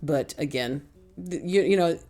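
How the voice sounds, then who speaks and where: Chatty low-voiced woman crafting. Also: a little slow, over loud music. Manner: chatty, rambling, self-deprecating. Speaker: craft channel host. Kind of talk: casual craft tutorial voice-over.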